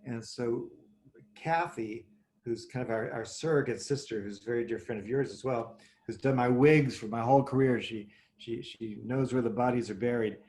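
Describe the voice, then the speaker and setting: A man telling a story as a guest over a video call, wry and theatrical, with lively asides. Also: medium pitch, normal speed. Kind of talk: anecdotal storytelling.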